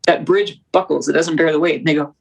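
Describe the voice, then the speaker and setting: A young woman, a documentary producer, talking as a guest in an interview, with fast, animated, preacherly storytelling. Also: deep voice, creaky, husky, poor audio. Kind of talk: conversational interview.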